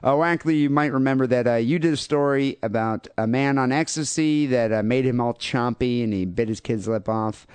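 A man's voice: mid-range voice, normal speed, few pauses, a little mellow, clean tone, no echo. A man hosting a casual comedy podcast, rambling and joking with many fillers. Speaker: podcast host.

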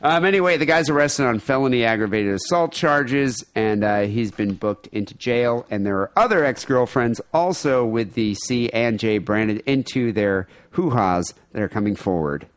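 A man's voice: mid-range voice, lively intonation, normal speed, hardly any pauses, no room sound. A man co-hosting a podcast, chatting casually and joking, acting out voices now and then. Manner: quips and acts out quoted voices. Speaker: podcast co-host. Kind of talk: casual comedic chat.

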